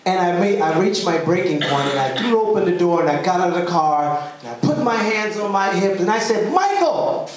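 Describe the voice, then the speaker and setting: A man from the rural US South performing a story at a live poetry slam, with comic timing. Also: on the high side. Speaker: spoken word poet. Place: club venue, indoors. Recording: roomy live venue heard from a distance.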